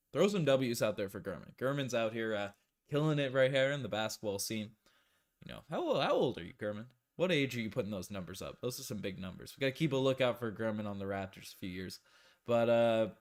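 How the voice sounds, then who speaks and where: Hyped young man streaming. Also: medium pitch. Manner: hyped, joking, reads out chat messages. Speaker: live stream host. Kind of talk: casual live-stream chat.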